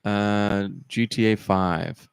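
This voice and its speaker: A man's voice: on the low side, steady tone, slow pace, vocal fry, clear, resonant tone, no room sound. A man co-hosting a casual podcast, joking at his own expense. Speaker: podcast co-host.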